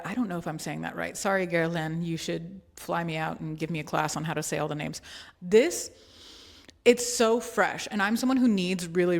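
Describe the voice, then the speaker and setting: A woman vlogger casually walking through her travel bag in a playful, chatty way with joking asides. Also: fairly low pitch. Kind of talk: casual chatty product walkthrough.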